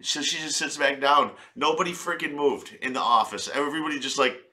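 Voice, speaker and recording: A man's voice: medium pitch, fairly quick, pushed and bright. A man doing comic reaction commentary in a crude, rambling, profane way. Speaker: video commentator.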